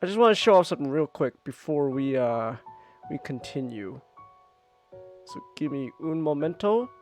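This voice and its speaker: High-voiced excitable male streamer. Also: normal speed, soft background music. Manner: animated, swears a lot, bursts into high whoops. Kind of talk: casual live-stream chat.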